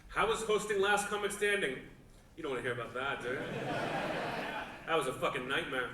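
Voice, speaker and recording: A man in his thirties from the Pittsburgh suburbs doing crowd-work questions on a theater stage, deadpan, with odd pauses and lots of swearing. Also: a little high. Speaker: stand-up comedian. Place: large theater. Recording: roomy, distant theater recording with crowd noise.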